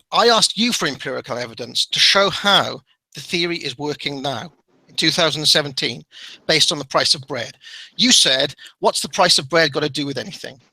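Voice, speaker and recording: Exasperated man, sharp bright voice. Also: a little high, slightly rough, no echo, rough recording. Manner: exasperated, keeps cutting in. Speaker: debater attacking a theory. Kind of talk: heated online debate.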